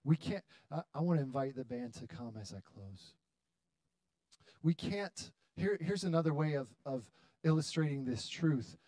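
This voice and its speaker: A man in his thirties preaching a sermon to his church, building to loud, dramatic appeals with long pauses. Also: fairly high pitch, animated, no room sound. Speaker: pastor. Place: church hall.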